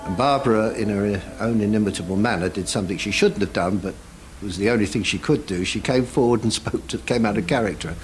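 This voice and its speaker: A man narrating a TV documentary in a measured, formal way. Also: fairly low pitch, soft background music, low-quality recording. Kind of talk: scripted narration.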